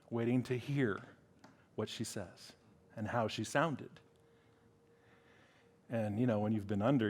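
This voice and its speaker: A middle-aged man preaching a sermon, animated and acting out dialogue in different voices. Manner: animated, acts out dialogue with big pitch swings.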